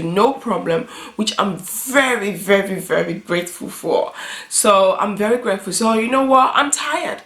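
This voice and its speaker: A young adult woman talking earnestly in a personal vlog, halting and restarting often. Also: medium pitch, a bit bright. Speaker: beauty vlogger. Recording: roomy echo.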